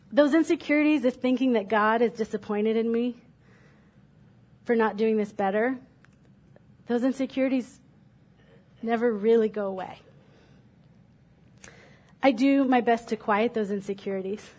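A woman giving a sermon from a church stage, her voice sitting a little high. She reads scripture aloud, then speaks with frank, reflective honesty about her own struggles. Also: normal speed, long pauses, darkish tone. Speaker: preacher.

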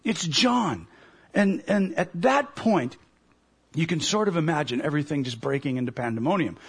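Man, sermon, high voice, husky, animated storyteller. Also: fairly quick. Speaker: pastor.

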